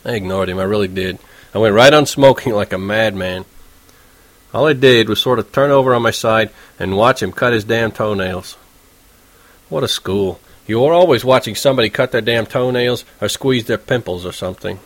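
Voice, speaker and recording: A man's voice: lowish voice, moderate pace, fairly bright tone, no echo. A man narrating an audiobook in first person with a slangy, sardonic, conversational delivery.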